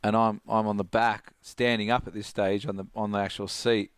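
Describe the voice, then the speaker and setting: Aussie surf coach guy, lowish voice, yarning away and laughing, dry close sound. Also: normal speed, clear, resonant tone, dry recording. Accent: Australian. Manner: animated, laughing, heavy use of "like". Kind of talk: casual storytelling.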